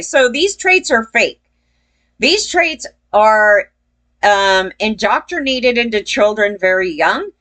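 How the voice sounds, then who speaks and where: A woman's voice: a little high, a bit bright. A woman giving casual opinion commentary as a vlogger, blunt and profane, rambling and laughing between points.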